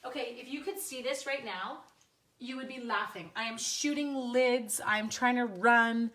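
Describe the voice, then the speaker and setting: Husky woman with the sniffles. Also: a little high, measured pace, fairly bright tone. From Canada. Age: 40s. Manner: chatty, self-deprecating, talks to viewers' comments. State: sniffly from sneezing. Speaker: crafting livestream host. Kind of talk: casual live crafting demo. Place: home craft room.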